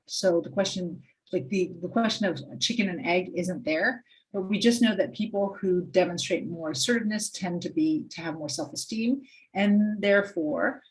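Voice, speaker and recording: A woman's voice: on the low side, a little mellow, low-quality recording. A woman psychologist leading a workshop, talking directly to participants and coaching them. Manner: direct, coaching, asks the audience questions. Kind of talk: interactive workshop teaching.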